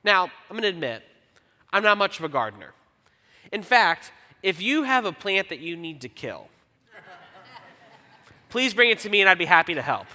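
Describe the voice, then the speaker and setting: A man preaching a sermon as pastor, conversational and self-deprecating, reading scripture slowly. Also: sits high, big pitch swings, sharp tone. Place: church auditorium. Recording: long church hall reverb.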